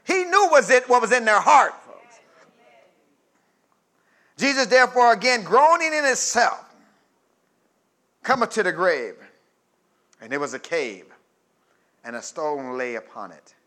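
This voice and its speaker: A man preaching a sermon, reading scripture and breaking into loud call-and-response asides. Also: high-pitched, big pitch swings, unhurried, pauses often.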